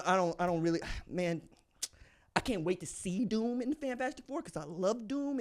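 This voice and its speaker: A man hosting a solo sports podcast, talking in a slangy, animated way with sudden excited bursts. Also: sits high. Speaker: podcast host.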